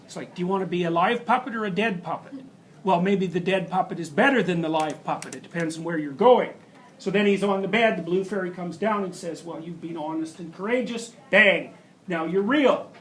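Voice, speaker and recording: A man's voice: sits high, a little fast, rough recording. A man giving a university lecture, telling stories emphatically with rhetorical questions and asides. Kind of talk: classroom lecture.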